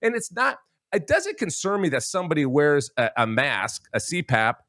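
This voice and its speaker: Speaking at normal speed with big pitch swings, the host's fairly high, fairly bright voice pushes an emphatic opinion straight at the "folks" listening. There are many restarts, and the studio-quality sound has no room echo.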